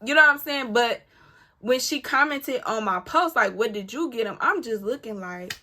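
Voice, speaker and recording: A woman vlogger telling a personal story to camera in an animated, emphatic, candid way, often talking straight to her listeners. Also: on the high side, moderate pace, a little hiss or hum. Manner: candid and profane, talks back to her rival.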